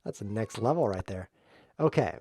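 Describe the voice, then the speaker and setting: A man streaming a chess game, talking to himself in a jokey, excitable way as he plays. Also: lowish voice, moderate pace, a little hiss or hum. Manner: jokey, excitable self-talk while playing. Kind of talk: live game commentary.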